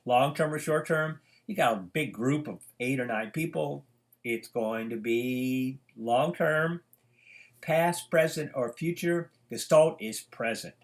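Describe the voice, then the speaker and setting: A man's voice: mid-range voice, takes it slowly. An older man teaching psychology in a loose, rambling lecture style at home, full of fillers, restarts and side stories. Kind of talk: informal lecture.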